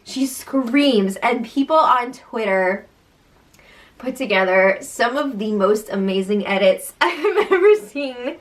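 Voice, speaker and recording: A young woman recapping the week for her podcast in a loose, chatty way. Her voice sits slightly high, she giggles often, and she fills her sentences with "like.". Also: animated, slow. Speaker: podcast co-host. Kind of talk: casual recap chat.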